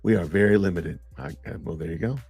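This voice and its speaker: A man's voice: low voice, quick pace, a little mellow, slightly rough, no echo, soft background music. A middle-aged man hosting a casual live-stream podcast, chatting loosely and reacting to viewer comments. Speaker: podcast host.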